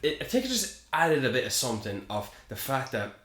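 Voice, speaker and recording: A man co-hosting a film podcast, chatting casually in an animated, rambling way with frequent restarts. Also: medium pitch, fairly quick. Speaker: podcast co-host. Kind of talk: casual film review chat. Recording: roomy echo.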